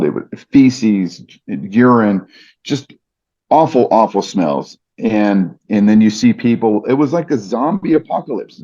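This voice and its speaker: Male podcast guest, earnest storyteller, lowish mellow voice, slightly dull lo-fi recording. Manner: earnest, vivid retelling with fillers. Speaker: podcast guest, ring announcer. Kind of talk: personal storytelling.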